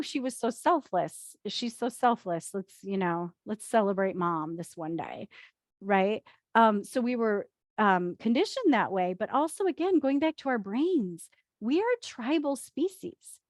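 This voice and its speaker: A woman's voice: medium pitch, no echo, clean studio sound. A woman life coach giving a chatty talk to a group, with playful asides and acted-out quotes.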